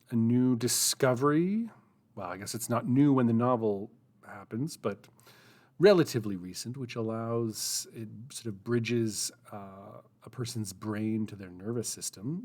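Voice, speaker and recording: A man's voice: medium pitch, darkish tone. A man hosting a live writing session, chatting casually and thinking aloud as he types, rambling and self-deprecating. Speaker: writing group host. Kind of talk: casual live-stream chat while writing.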